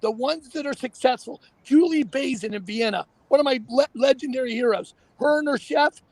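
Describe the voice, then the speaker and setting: A man hosting a casual talk show, animated and emphatic, often repeating himself. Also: extremely high pitch, normal speed, no echo. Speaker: show host.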